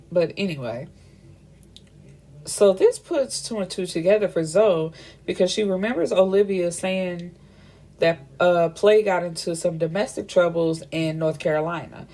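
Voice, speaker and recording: A young woman with a slightly low voice talks through a novel's plot in a relaxed, chatty way. She acts out lines from the scenes and breaks in with her own blunt remarks. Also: normal speed. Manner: chatty, retells scenes with quoted dialogue and blunt asides. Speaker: book reviewer. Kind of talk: casual book recap.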